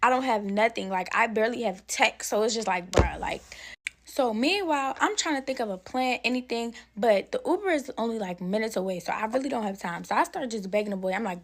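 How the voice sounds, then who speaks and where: A young woman spins a casual storytime for her viewers, chatting to them directly while she braids her hair. Her voice sits a little high and carries a gravelly fry. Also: lively intonation, fairly quick, slight background noise. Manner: chatty, talks straight to viewers as "y'all".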